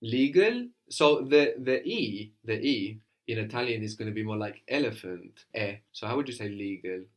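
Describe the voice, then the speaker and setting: A man with a fairly low voice leads a spoken language lesson. He talks patiently and coaxingly, slowing down to model each sound clearly for a student. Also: lively intonation. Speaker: language teacher.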